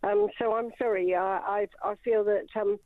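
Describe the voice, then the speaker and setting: A woman's voice: mid-range voice, steady tone, moderate pace, no echo. A woman calling in to a radio show, hesitant and apologetic, with lots of ums. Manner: hesitant, apologetic, many fillers. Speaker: caller. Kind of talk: phone-in call. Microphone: telephone. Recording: tinny phone line.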